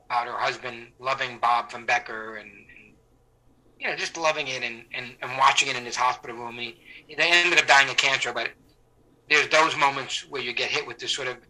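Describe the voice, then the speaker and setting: Tell it like a bright, forceful rambling man. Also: mid-range voice, a little fast, rough recording. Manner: rambling, with many restarts and fillers; animated, acts out the people he quotes. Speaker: actor, interview guest. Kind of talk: casual anecdotal storytelling.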